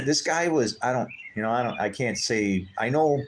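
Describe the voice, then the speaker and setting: A man's voice: normal speed, a little hiss or hum. Chatty man telling stories on a live stream. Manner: animated, acts out quoted voices with big pitch jumps. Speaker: livestream host. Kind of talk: casual storytelling chat.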